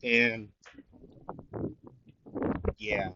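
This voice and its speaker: A man voicing a shy, nervous teenage boy who speaks haltingly, with many fillers. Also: lowish voice, level tone, highs cut off, noisy background.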